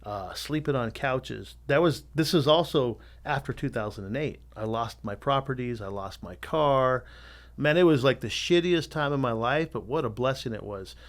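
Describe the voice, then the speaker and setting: A middle-aged man, a tattoo artist guesting on a podcast, telling his story in a candid, animated way and swearing freely. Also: mid-range voice, normal speed. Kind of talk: casual storytelling interview.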